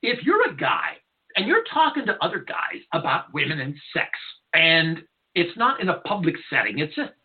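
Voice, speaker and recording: A man's voice: on the high side, wildly swooping pitch, normal speed. Give me a blunt, rambling man ranting as a radio host, on tinny phone-like audio. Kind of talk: opinionated radio monologue. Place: radio studio.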